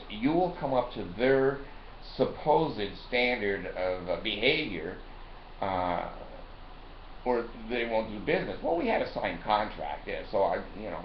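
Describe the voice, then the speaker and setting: Man, rambling profane rant, laughs between lines, echoey room, muffled sound. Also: on the low side. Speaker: storyteller. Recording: roomy lo-fi recording with faint noise.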